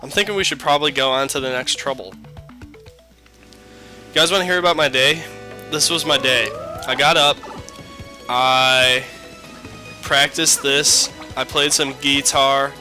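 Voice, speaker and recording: A man's voice: mid-range voice, steady tone, a little slow, long pauses, pushed and bright, soft background music. A young man giving casual, rambling gameplay commentary, joking and swearing. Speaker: let's play host.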